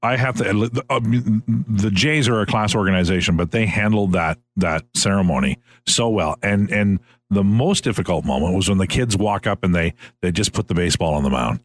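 A man's voice: low-pitched, moderate pace. A man co-hosting a casual talk show, reacting with short replies and laughter. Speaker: co-host. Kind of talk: casual chat.

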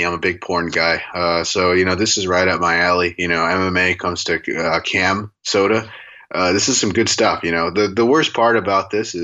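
A man's voice: deep voice, dull audio. A man co-hosting a podcast, bantering casually with dry jokes and rambling asides. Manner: joking, rambling, deadpan banter. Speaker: podcast co-host.

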